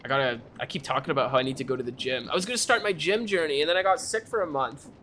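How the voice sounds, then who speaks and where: A young man chats casually on a live stream, ranting animatedly about online arguments and laughing often. His voice is bright and forceful. A faint noise sits behind him on the desk mic. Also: fairly high pitch, rapid-fire. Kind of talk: casual chat.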